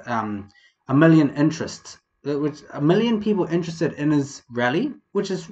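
A young man from New Zealand with a New Zealand accent, hosting a casual comedic vlog in a rambling, profane, animated way. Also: mid-range voice, highs cut off. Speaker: vlog host.

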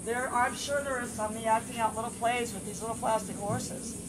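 A woman's voice: a little high, fairly even intonation, fairly quick. A woman training her dog and talking casually, chatty and playful, with sing-song repeats. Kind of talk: casual training demo talk. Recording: noisy outdoor recording.

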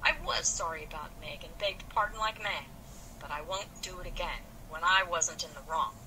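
A woman's voice: on the low side, moderate pace, bright, forceful tone, a little hiss or hum, poor audio. A woman reading the indignant lines of a proud, sulky young man from an old novel. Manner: indignant, defensive. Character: male youth, proud and sulky.

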